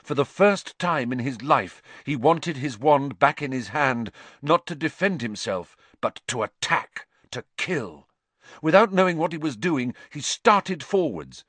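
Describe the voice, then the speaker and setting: Slow expressive male storyteller. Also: mid-range voice, dry recording. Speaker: audiobook narrator. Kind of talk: scripted narration.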